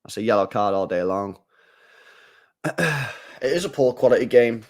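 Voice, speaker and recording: A man's voice: medium pitch, normal speed. Chatty man doing live match commentary. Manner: chatty, swings from mumbling to excited shouting; reads out viewer comments. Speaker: live stream host.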